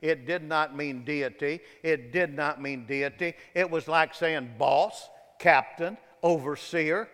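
A man preaches a sermon in a high-ish, bright and forceful voice. He jumps from loud bursts down to soft, hushed phrases, and his voice rings through a hall with a long reverb. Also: takes it slowly, few pauses.

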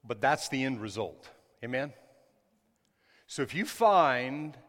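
A male pastor preaching a sermon during a church service. He talks conversationally, breaks into sudden loud bursts, and adds apologetic asides. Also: medium pitch, very animated, takes it slowly, long pauses, big-room sound.

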